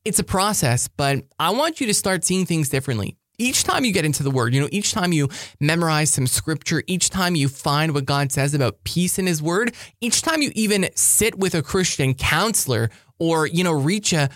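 A man preaching a motivational talk to high school students, energetic and emphatic, repeating his key phrases. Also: moderate pace, no echo, clean studio sound. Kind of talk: sermon-style motivational talk.

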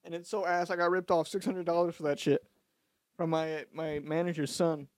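A man's voice: fairly high pitch, little pitch movement, normal speed, no echo, studio quality. A young man co-hosting a podcast, chatting casually in a laid-back, self-mocking way. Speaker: podcast co-host. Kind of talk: casual chat.

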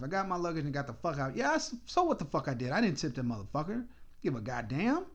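A man's voice: on the high side, sing-song, quick pace. A man hosting a podcast, telling a story in a casual, exasperated and profane rant. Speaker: podcast host.

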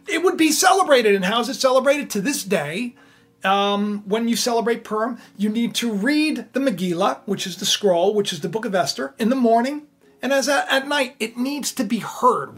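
A woman preaching, telling a Bible story in a lively, conversational way and acting out the characters. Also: on the high side, husky. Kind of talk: animated sermon storytelling.

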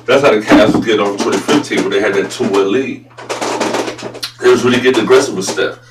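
A man hosting a casual sports talk show, blunt and profane, often turning loud and incredulous. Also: lowish voice, fast. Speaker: sports podcast host. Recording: roomy echo, voice a bit far from mic, faint hum.

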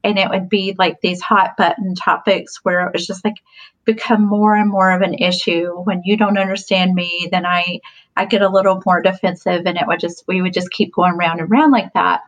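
A woman's voice: fairly low pitch, little pitch movement, moderate pace, low-quality recording. Chatty woman guest, laughing often. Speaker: podcast guest. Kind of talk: casual storytelling chat.

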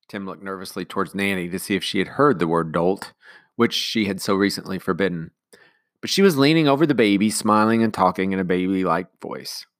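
A man, a teacher, reading a children's novel aloud to students in a calm, even narration. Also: low-pitched, a little fast, no echo, clean studio sound. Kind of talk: storybook read-aloud.

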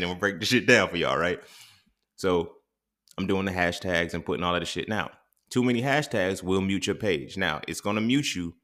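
A man talks through an impromptu solo podcast episode, rambling, restarting and cursing freely. His voice sits very low, with a gravelly, fry-laden edge. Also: sharp tone. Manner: casual, profane, rambling with restarts. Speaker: podcast host. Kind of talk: impromptu monologue.

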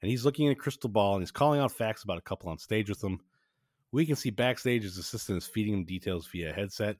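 Low-voiced male podcast host, dry sound. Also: expressive, fast talker, a little mellow, no echo. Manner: joking, rambling, many fillers. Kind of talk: casual episode recap chat.

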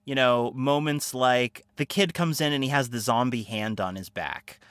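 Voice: medium pitch, normal speed, smooth, no room sound, clean studio sound. A podcast co-host discussing a film in casual chat, rambling and laughing often.

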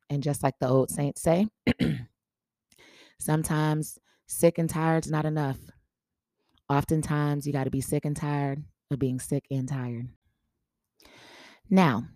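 A woman's voice: a bass voice, dry recording, studio quality. A woman podcast host telling a casual story and acting out the dialogue in it. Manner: animated storyteller, acts out quoted dialogue.

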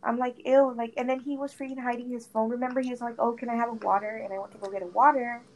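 A young woman with a fairly high voice talks fast, gossiping animatedly to a friend about something dramatic while they game. Her casual chat is packed with "like" and frequent swearing. The low-quality recording carries faint background noise.

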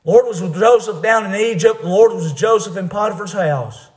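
A man preaching a sermon, fervent, rising to shouts and dropping to hushed asides. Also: high-pitched, fairly quick, reverberant.

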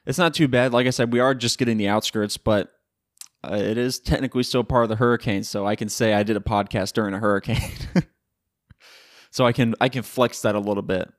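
A man's voice: fairly low pitch, steady tone, brisk, no room sound, studio quality. A young man from Florida hosting a casual solo podcast from home, joking and swearing in slangy chat. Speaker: podcast host. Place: home room by a window in a hurricane.

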